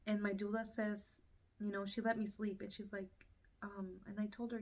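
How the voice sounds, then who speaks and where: A woman's voice: mid-range voice, level tone, normal speed, darkish tone, recorded from a distance. A woman casually telling her own story, acting out what people said and laughing through the tense parts.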